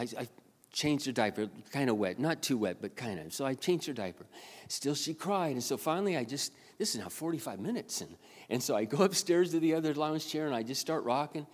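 A man in his sixties, a pastor, telling a personal story in a rambling sermon with many restarts. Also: mid-range voice. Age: 60s. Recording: long hall reverb.

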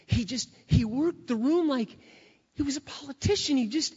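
A man's voice: very high-pitched, lively intonation, moderate pace, darkish tone, voice pushed up. A man putting on the voice of a tearful, gushing woman praising her brother during a sermon. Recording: dull lo-fi with long hall reverb.

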